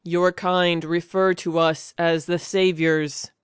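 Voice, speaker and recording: A man voicing a stiff, judgmental alien being who talks in a slow, flat, mechanical way. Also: on the high side, clear, resonant tone, no room sound, studio quality. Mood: cold.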